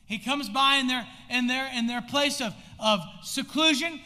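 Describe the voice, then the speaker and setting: Preaching at a moderate pace with hardly any pauses, a high-voiced American pastor delivers his sermon in a church sanctuary. His intensity keeps climbing, punctuated by sudden shouts, and the recording has long church hall reverb.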